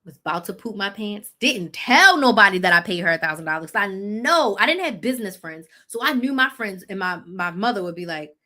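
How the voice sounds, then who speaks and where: A woman's voice: mid-range voice, expressive, a little fast, few pauses, sharp tone. A woman in her thirties, a business coach hosting a live chat, telling her own story bluntly and with animation, correcting herself as she goes.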